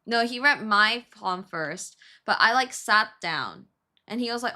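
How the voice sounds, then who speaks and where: Bright, chatty young woman streamer. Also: fairly high pitch, moderate pace. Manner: chatty, animated, laughs and swears while telling a story. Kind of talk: casual storytelling while building a model kit.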